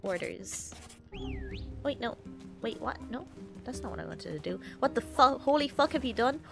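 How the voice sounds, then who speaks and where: A young woman chats while she plays a game on stream. Her voice is fairly high and very animated, and she rambles, swears and giggles as she restarts her sentences, with faint music behind her. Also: normal speed, vocal fry.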